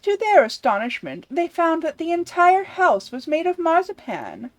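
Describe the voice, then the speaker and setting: A woman voicing an evil but wise woman who reads a fairy tale in a measured storybook cadence. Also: very high voice, wildly swooping pitch, no echo, voice pushed up, exaggerated voice. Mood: storytelling. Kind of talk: voicing game dialogue.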